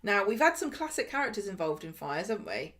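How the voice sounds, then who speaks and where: A woman's voice: medium pitch, very animated, quick pace, fairly bright tone. Chatty woman co-host. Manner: chatty, retells scenes with quoted voices. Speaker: podcast co-host. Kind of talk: casual chat about a TV soap.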